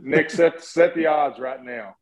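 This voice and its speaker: A man hosting a casual sports podcast, asking quick upbeat questions. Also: a little high, poor audio. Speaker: podcast host.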